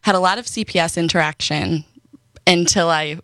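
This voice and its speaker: A young woman from Wisconsin telling her personal story as a radio guest, soft and hesitant with many pauses. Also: fairly low pitch, dry recording.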